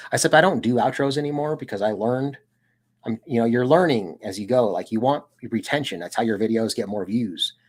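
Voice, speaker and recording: A young American man hosting a casual livestream, rambling in a laid-back way and saying "dude" a lot. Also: on the low side. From United States. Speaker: streamer and channel host.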